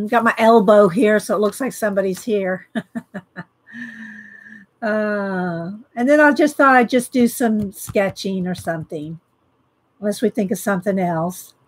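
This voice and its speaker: Speaking at a measured pace in a mid-range voice, this livestream host chats casually from her home art studio. She greets viewers by name and rambles, using plenty of fillers.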